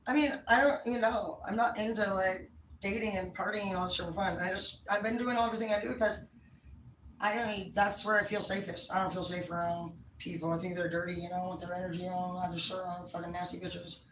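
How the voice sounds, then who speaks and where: A woman's voice: lowish voice, steady tone, a little fast, a bit bright, slight background noise. A woman telling a long story in a blunt, rambling, profane casual chat. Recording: echoey room, mic at a distance.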